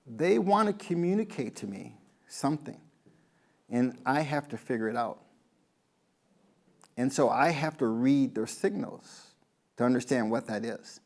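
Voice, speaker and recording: A man's voice: mid-range voice, expressive, unhurried, long pauses. A man, a golf pro, giving a rambling motivational talk to a live audience, telling stories and asking the crowd questions.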